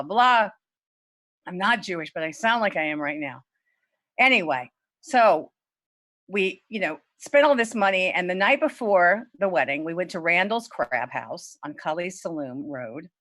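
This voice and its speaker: A middle-aged woman from Lafayette, Louisiana, tells a true personal story at a story slam, joining the virtual event by video call from home. She's candid and swears freely, and her voice jumps high whenever she quotes herself. The sound is a bit bright with no echo.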